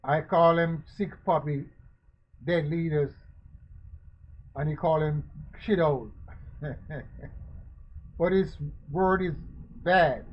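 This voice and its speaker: A man speaks in a fairly high voice at an unhurried, deliberate pace. He fires rhetorical questions one after another and leans on repeated phrases like a preacher. The sound is dull and lo-fi. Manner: slow, emphatic preaching cadence. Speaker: commentator. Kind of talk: spoken social commentary. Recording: dull lo-fi recording.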